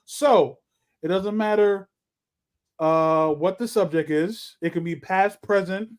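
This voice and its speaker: A man with a high speaking voice co-hosts a casual podcast chat. He is animated and playful, and now and then he belts out lines like a ring announcer. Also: slow, clear, resonant tone. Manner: animated and joking, with loud announcer-style bursts. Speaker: podcast co-host.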